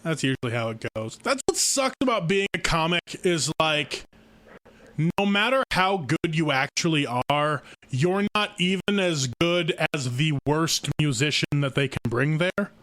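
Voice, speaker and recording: A man's voice: on the high side, expressive, a little slow, a bit bright, no echo. A man, a stand-up comic, grumbling sarcastically and profanely in a casual chat.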